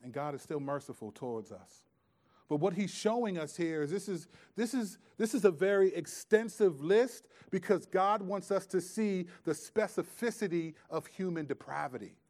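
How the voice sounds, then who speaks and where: A man preaching a sermon in a conversational way, swinging from loud, pressing emphasis to hushed, quiet asides. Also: sits high, animated, normal speed. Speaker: pastor.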